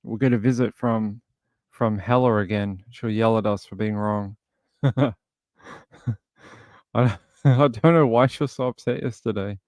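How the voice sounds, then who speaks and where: A man's voice: on the low side, fairly even intonation, measured pace, long pauses, a little mellow, no echo. A man hosting a casual livestream, chatting and thinking aloud as he scrolls through material. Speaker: livestream host.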